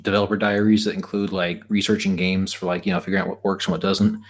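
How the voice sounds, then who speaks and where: Here a stream host talks quickly in a low, flat voice. His joking group conversation rambles, full of fillers and restarted sentences.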